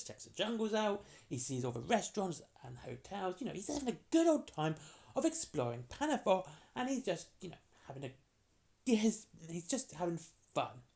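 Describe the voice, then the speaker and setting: Chatty lore explainer, lively pitch. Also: gravelly. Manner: chatty and jokey, acts out characters in quick asides. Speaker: tabletop game lore explainer. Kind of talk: casual rambling lore explainer.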